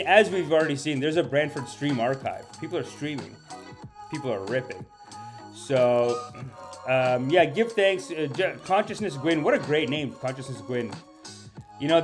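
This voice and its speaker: Rambling, mock-boastful man hosting a stream. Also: mid-range voice. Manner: talks to the live chat and reads out viewer names. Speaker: comedian hosting a live-stream podcast. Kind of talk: comedic live-stream chat.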